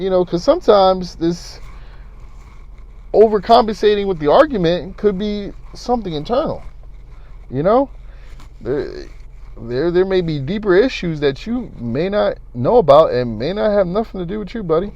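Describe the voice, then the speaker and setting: A man giving casual relationship advice in a talkative, animated way, shifting between loud and quiet. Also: high voice, normal speed, dull audio.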